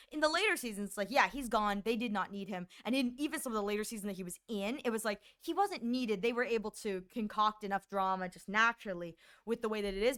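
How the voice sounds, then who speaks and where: A young woman streamer chatting casually with viewers, rambling and animated, often stammering and restarting her words, with a voice she calls shrill. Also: clean tone.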